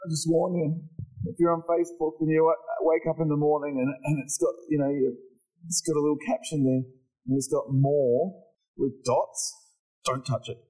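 A man's voice: a little high, level tone, moderate pace, warm tone, breathy edge, low-quality recording. A man preaching a sermon as a pastor, joking and mimicking complaining voices. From Australia.

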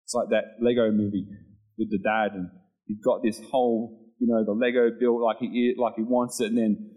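A man's voice: lowish voice, level tone, normal speed, dark tone, rough recording. A middle-aged man preaching an informal sermon in a chatty way, acting out little scenes with sudden voice changes.

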